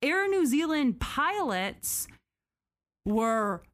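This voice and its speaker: A woman co-hosting a podcast, telling a story in casual chat who swears freely and climbs sharply in pitch when she gets outraged. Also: sing-song, drawn-out words, a bit bright, no room sound. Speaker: podcast co-host.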